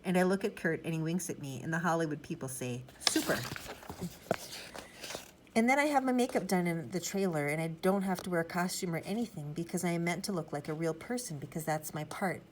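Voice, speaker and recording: A woman's voice: lowish voice, animated, quick pace, hardly any pauses, darkish tone, a little hiss or hum, low-quality recording. A woman reading a children's storybook aloud in first person, in a chatty, rambling childlike manner. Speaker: audiobook narrator.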